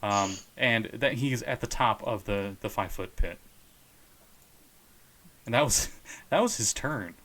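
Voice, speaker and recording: A man narrating as game master of a tabletop game, relaxed and laughing often. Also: on the low side, unhurried, long pauses, a little hiss or hum.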